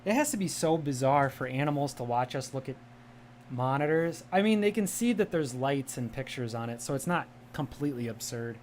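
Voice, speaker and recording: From a home room shared with a cat, a man from the American Midwest talks casually on his livestream. His speech is carefully enunciated and media-polished, medium in pitch, fairly quick, with lively intonation, a slightly mellow tone, and a little hiss or hum.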